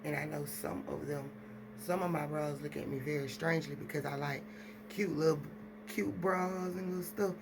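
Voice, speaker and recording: A woman's voice: low-pitched, fairly even intonation, moderate pace, background noise. A woman, talking casually and rambling straight to her viewers at home. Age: adult with children. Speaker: vlogger. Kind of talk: casual chat to camera.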